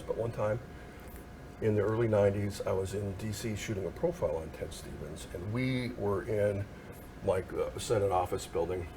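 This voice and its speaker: Low-voiced male news photographer spinning an animated anecdote on air. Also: noisy background. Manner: animated anecdote teller, acts out quoted voices. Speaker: news photographer and history storyteller. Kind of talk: casual storytelling on a TV news segment. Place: TV news studio.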